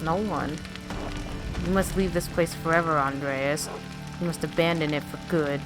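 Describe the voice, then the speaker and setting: A woman's voice: low-pitched, steady tone, moderate pace, natural voice. A woman reading the lines of a solemn spirit of a fading dream court in a story game, over game music.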